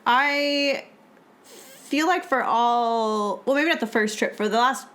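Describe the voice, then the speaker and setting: A woman from Canada co-hosting a podcast, chatting in a relaxed, wry way with dry humor. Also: a little high, takes it slowly. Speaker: podcast co-host. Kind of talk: casual chat.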